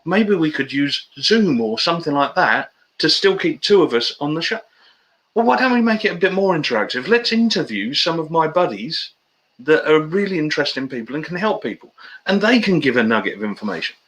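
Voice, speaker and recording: A man's voice: on the high side, very animated, a little fast, fairly bright tone, poor audio. A man, a guest telling stories in casual, matey banter on a video-call interview. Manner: chatty storyteller, matey banter.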